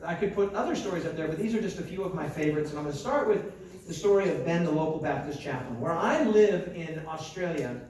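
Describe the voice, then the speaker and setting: A young American pastor with a fairly high voice, preaching through funny stories and playing the people in them. He sounds far from the microphone in a big, heavily echoing hall. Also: a little mellow. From United States. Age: young adult. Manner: chatty and self-mocking, with asides and acted-out dialogue. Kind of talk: storytelling conference sermon. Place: large conference hall. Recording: very echoey hall, mic far off.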